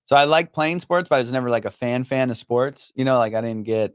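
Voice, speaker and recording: A man's voice: mid-range voice, a little fast, clean tone, no echo, studio quality. A man from Iran, a comedian guest in a casual podcast chat, talking loosely with lots of swearing and filler phrases. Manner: loose and profane, many fillers like you know.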